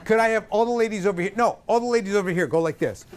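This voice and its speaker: A male vocal coach leading a live group singing workshop, energetic and directive, joking with the singers. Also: high voice, very fast.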